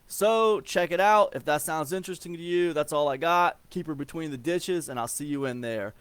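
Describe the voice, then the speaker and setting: His voice sits on the high side, fairly bright and clean, at a moderate pace as this forties-aged Ohioan gives a loose, rambling explanation of email marketing. Fillers, repeats, and restarts pile up, and there's no echo.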